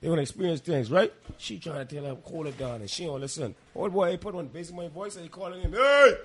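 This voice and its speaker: This is a man with a high voice talking on a casual podcast. He lectures with emphasis and hammers each point more than once. He stays chatty rather than formal. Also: fast, darkish tone. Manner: calls listeners "boy". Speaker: podcast co-host. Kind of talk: casual chat.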